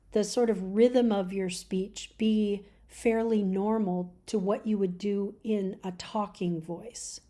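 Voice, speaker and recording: A middle-aged woman giving a relaxed spoken lesson on church chanting, explaining with fillers and restarts. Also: mid-range voice. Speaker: chant teacher.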